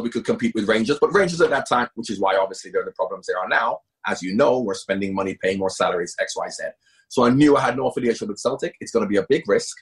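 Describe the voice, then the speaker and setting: A man speaking as a guest in a conversational interview, emphatic and animated, often repeating himself for stress. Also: fairly low pitch, breathy edge. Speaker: guest, former footballer and coach.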